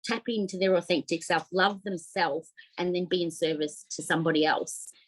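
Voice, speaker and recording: A middle-aged Australian woman telling her story as a podcast guest, heartfelt and animated, with many fillers. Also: lowish voice, normal speed, poor audio. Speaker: podcast guest, op shop owner. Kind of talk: casual interview storytelling.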